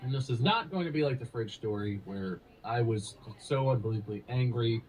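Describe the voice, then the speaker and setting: A man's voice: mid-range voice, lively intonation, moderate pace, darkish tone, poor audio. A man hosting a podcast in casual comedic chat, speaking in a dry, teasing way as he starts a story. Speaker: podcast host.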